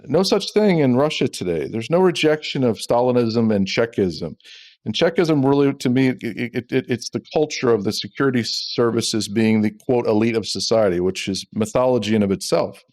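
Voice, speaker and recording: A man's voice: medium pitch, lively intonation, normal speed, darkish tone. A middle-aged man, a former intelligence officer, talking emphatically as a guest on an interview podcast. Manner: emphatic, repeats words when fired up. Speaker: ex-CIA officer, guest expert.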